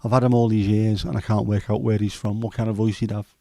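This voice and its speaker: A hoarse man in his fifties with a Scouse accent, chatting loosely on a livestream and wandering between jokes with plenty of ums. His voice is low and mellow, recorded dry and close. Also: level tone, fast talker, dry recording. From Liverpool, England. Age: 50s. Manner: rambling, jokey, many fillers. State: hoarse throat. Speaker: livestream host. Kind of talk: casual chat.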